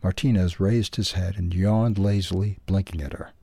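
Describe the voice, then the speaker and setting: A man reading a children's animal story aloud for a newsletter's audio edition, in a calm, even way. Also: deep voice, moderate pace, gravelly, breathy edge, no room sound. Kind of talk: storybook narration.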